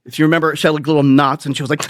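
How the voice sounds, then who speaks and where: A man's voice: a little high, no room sound, studio quality. Profane, rambling comic storyteller man. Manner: rambling, profane, self-mocking, laughs at his own stories. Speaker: podcast host and comedian. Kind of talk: crude comic storytelling monologue.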